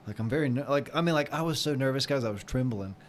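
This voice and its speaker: A man telling a story in a casual chat, rambling and animated, full of fillers. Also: medium pitch, fast, a little hiss or hum. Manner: rambling, animated retelling with lots of "like" and quoted voices.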